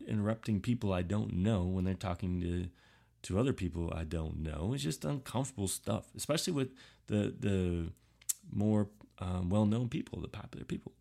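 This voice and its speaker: Very low gravelly-voiced man. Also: moderate pace, mellow. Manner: rambling, self-deprecating, many fillers and restarts. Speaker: podcast host. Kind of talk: casual solo podcast monologue.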